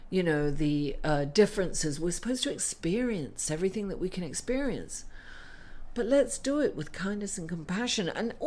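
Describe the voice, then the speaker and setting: A middle-aged woman reading tarot cards for her viewers in an earnest, casual spiritual talk, sometimes laughing through tears. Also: medium pitch. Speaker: astrology and tarot reader.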